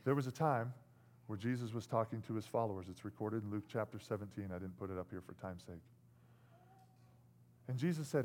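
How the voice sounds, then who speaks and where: A man preaching a sermon, animated, swinging between loud bursts and hushed lines and acting out what people say. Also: on the low side, fairly quick, pauses often. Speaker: pastor.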